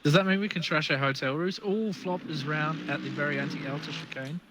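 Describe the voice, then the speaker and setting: A man's voice: on the high side, fairly even intonation, brisk. A young Australian man commentating a live sim race, joking and bantering with his co-hosts. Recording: noisy stream audio.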